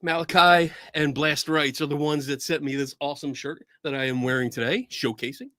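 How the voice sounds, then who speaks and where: A man hosting a casual livestream chat show, excitable and laughing often as he greets viewers by name. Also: on the high side, brisk, no room sound, clean studio sound. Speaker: podcast host.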